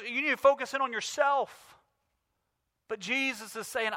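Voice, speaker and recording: A man's voice: high-pitched, bright, forceful tone. A male pastor in his thirties preaching a sermon with emphatic, rising declarations. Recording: reverberant hall.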